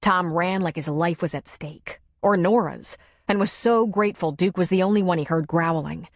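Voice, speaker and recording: A woman narrating a romance audiobook in a steady, expressive reading. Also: fairly low pitch, moderate pace, dry recording. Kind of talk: scripted narration. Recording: dry close studio sound.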